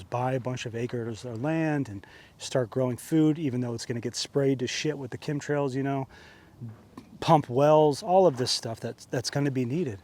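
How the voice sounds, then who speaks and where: A man's voice: medium pitch, darkish tone. Profane man in a heated rant. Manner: heated, profane, repetitive ranting. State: sweating, fired up. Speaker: vlogger. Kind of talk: angry ranting monologue. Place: outdoors under an open sky.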